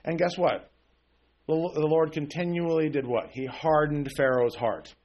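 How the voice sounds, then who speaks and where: A man's voice: a little high, fairly even intonation, unhurried, a little mellow, dull audio. A man preaching a conversational sermon, often asking the congregation questions and checking in with "okay?". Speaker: pastor.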